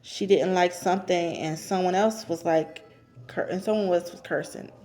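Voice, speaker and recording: Woman, casual recap vlogger, somewhat low voice, talkative, repeats her points, no cursing. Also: normal speed, dark tone. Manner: chatty, repeats herself for emphasis; avoids cursing. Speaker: reality TV recapper.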